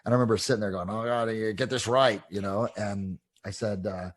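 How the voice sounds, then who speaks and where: A man with a low, husky voice tells stories from his coaching career in a loose, animated way. He leans on fillers like "you know" and "like", and he acts out the other people in his stories. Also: quick pace. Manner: casual, animated anecdotes with many fillers. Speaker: real estate coach. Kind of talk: interview storytelling.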